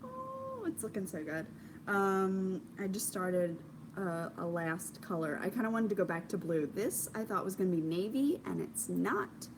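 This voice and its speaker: A young woman hosting a knitting video podcast at home, chatting casually, gushing with excitement and filling pauses with ums. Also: mid-range voice, background noise. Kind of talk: casual chat. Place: home craft corner, indoors.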